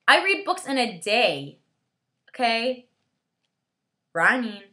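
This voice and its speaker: Young woman, casual book review vlog, higher voice, chatty, sarcastic, lots of fillers. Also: big pitch swings, a little slow, sharp tone. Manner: rambling and sarcastic, full of "like" fillers.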